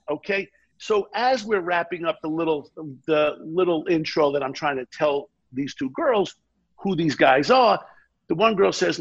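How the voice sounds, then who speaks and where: A man telling an animated anecdote as an interview guest, acting out the dialogue he quotes. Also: on the high side, slightly rough, muffled recording. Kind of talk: casual storytelling.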